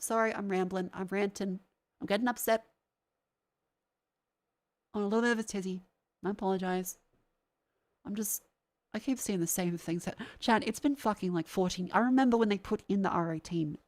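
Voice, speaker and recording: A woman's voice: mid-range voice, normal speed, long pauses, darkish tone. A young woman talks to her chat, her voice a little congested from a sinus infection. She rants in a heated, sarcastic tone and swears freely. The delivery is loose, like casual stream chat.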